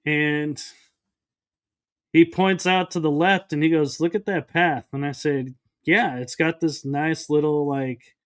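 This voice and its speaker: A man's voice: on the high side, smooth. A man, a podcast guest, recounting a personal experience in an interview and acting out the dialogue. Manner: storytelling that acts out quoted dialogue.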